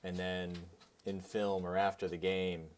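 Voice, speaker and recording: A man hosting a podcast, asking short, relaxed questions in casual interview talk. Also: deep voice, measured pace, clean tone. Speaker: podcast host.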